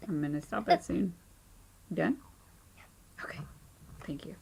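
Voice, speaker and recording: A woman in her thirties hosting a knitting podcast at home, chatting casually with lots of ums, tired and low-key. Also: sing-song, a little slow, vocal fry, a little mellow, a little hiss or hum. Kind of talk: casual chat. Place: home craft room and playroom.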